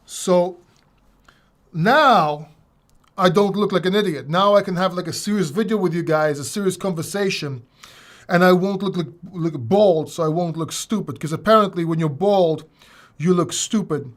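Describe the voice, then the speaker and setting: A man hosts a casual crypto livestream, rambling, joking at his own expense, and restarting often in a self-mocking way. His voice sits high and he talks at a normal speed.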